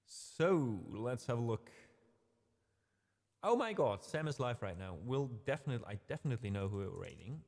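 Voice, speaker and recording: A man's voice: mid-range voice, very animated, moderate pace, creaky, darkish tone, big-room sound. A man hosting a casual music livestream, rambling a little, correcting himself and talking to his chat in a friendly way. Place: home streaming room.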